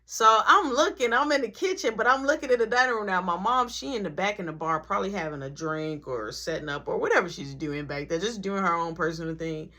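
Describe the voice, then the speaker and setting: Animated woman telling a story. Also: mid-range voice, brisk, few pauses. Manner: animated, laughing, acts out every voice. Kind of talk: casual storytime.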